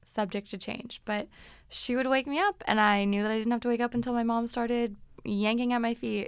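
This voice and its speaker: A woman's voice: fairly high pitch, fairly even intonation, a little fast, clean tone, no room sound. A woman in her twenties casually telling stories from her teens as a podcast host, chatty and dramatic. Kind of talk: casual storytelling.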